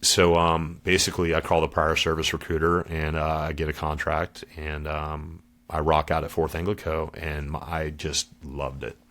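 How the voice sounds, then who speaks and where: A man's voice: rumbling low, flat delivery, normal speed, few pauses, a bit bright. A middle-aged man, a former Marine guest on a podcast, telling his story in a casual, slangy way and calling the host dude and brother.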